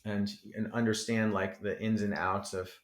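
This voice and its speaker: A man from New Jersey, a rapper guesting on a podcast, who rambles loosely, swears freely and leans on "you know" every few words. His voice sits on the low side. The recording carries a noticeable roomy echo. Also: level tone, normal speed. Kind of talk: casual interview chat. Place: podcast studio.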